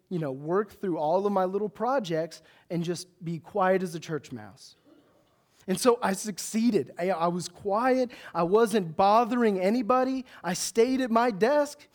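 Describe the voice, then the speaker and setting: A young man with a loud, big voice delivers a sermon from the pulpit, pitched high for a man. He tells stories with animated, self-mocking humor. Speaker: preacher.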